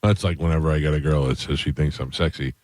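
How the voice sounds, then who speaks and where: A man's voice: rumbling low, steady tone, fast, darkish tone, dry recording. A man hosting a radio talk show, telling rambling, self-mocking stories in casual banter into a studio mic.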